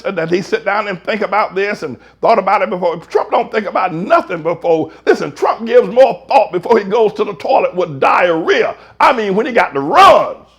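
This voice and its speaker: A pastor in a heated, folksy preaching rant, swinging from shouts down to mutters. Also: male voice, high-pitched, slightly rough. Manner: folksy, slangy.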